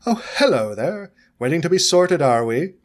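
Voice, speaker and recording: A man's voice: a little high, big pitch swings, moderate pace, voice pushed up. A man voicing a jolly, courtly old male ghost nobleman in a storybook reading. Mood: cheerful.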